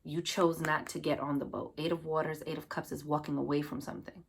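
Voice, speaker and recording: A woman's voice: low voice, flat delivery, a little fast, creaky, a little hiss or hum. A woman giving a casual tarot reading to her viewers, chatty and loose, full of "like" and "you know", speaking to her audience fondly. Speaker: tarot card reader.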